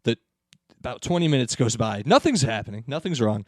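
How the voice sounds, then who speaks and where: A man's voice: brisk, dry recording, clean studio sound. A man hosting a podcast, telling a story in a casual chat and acting out the people in it with big jumps in his voice. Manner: animated storyteller, acts out quoted people with big pitch jumps. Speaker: podcast host.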